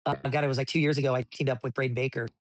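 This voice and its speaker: A man telling racing stories in a casual interview, rambling with many restarts and getting animated as he recounts events. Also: medium pitch, rapid-fire, no room sound. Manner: rambling with frequent restarts, animated when retelling. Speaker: desert racing driver, podcast guest.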